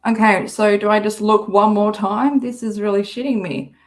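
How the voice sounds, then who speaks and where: An Australian woman hosting a casual livestream, rambling and swearing often, with a slightly hoarse throat. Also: medium pitch, steady tone, normal speed. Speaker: livestream host.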